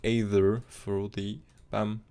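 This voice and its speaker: The gravelly, fast-talking male crypto chart streamer here sounds fairly low and mellow, keeping a level tone. In his live technical analysis chat he rambles quickly, with fillers and non-native phrasing.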